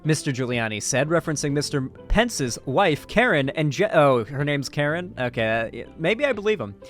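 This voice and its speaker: A man's voice: fairly high pitch, very animated, moderate pace, fairly bright tone, soft background music. A man reading news articles aloud and breaking off into sarcastic, profane asides as a commentary host. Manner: sarcastic, swears freely, trails off mid-sentence. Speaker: political commentary YouTuber.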